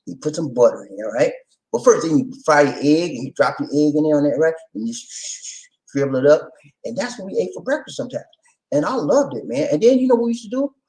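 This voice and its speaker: This middle-aged livestream host, a Southerner from Charleston, South Carolina, laughs playfully as he greets viewers on his casual stream. He talks a little fast in a slightly high, sing-song voice with a darkish tone, and the audio is poor.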